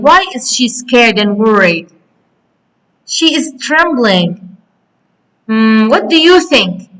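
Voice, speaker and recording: Bright slow-talking woman teacher. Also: fairly high pitch, rough recording. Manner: slow, clear teacher talk with questions to the class. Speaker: English teacher. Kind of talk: recorded grammar lesson for children.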